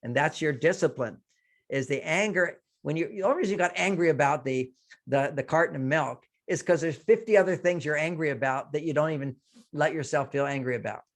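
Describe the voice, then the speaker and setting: A man's voice: on the high side, brisk. An older man speaks in a slightly raised register, giving relationship advice in an interview. He explains his points by acting out short lines that people might say. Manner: explains with quoted example lines. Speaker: relationship author and guest.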